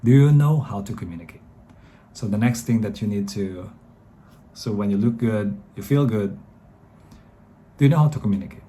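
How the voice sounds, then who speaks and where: A man's voice: on the low side, normal speed, pauses often, dark tone. A man in his thirties with a Filipino English accent, chatting rambly dating advice straight to viewers. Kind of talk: casual advice talk to camera.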